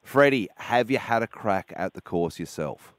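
A man's voice: on the low side, animated, normal speed, no room sound, clean studio sound. A man co-hosting a radio show, easygoing and bantering. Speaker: radio co-host. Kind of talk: casual radio chat.

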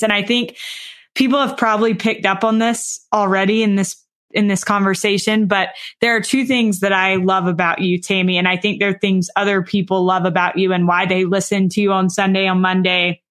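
A woman hosting an interview, who praises her guest warmly before asking an earnest question. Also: medium pitch. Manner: earnest and complimentary. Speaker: podcast host.

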